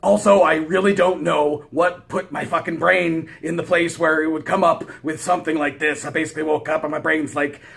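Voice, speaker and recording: A man's voice: on the high side, fairly quick, creaky, hardly any pauses. A man casually telling a long, rambling story, swearing constantly and acting out every beat. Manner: profane, animated, rambling. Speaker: vlogger.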